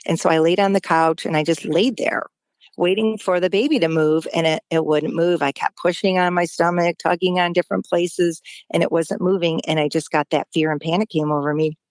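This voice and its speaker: A woman's voice: on the low side, fairly even intonation, darkish tone, no room sound. Earnest woman telling a personal story. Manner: earnest, halting, with frequent fillers and restarts. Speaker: guest sharing a personal story.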